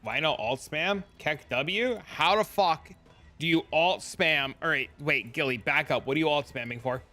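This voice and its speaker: Bright-voiced young streamer, swearing. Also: male voice, on the high side, normal speed, faint music behind. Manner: profane, chatty, answers chat. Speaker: game streamer. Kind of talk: casual live-stream commentary.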